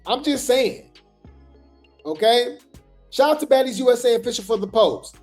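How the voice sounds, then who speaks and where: A woman's voice: a little high, animated, moderate pace, a little mellow, faint music behind. A woman hosting casual gossip commentary, chatty and sassy, talking straight to her viewers.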